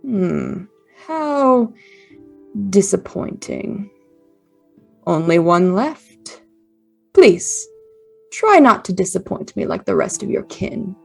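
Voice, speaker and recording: A man's voice: high-pitched, huge pitch swings, slow, gravelly, pauses often, faint music behind, exaggerated voice. A woman voicing a cold, disdainful male vampire in a tabletop game. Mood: menacing. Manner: quiet, disdainful.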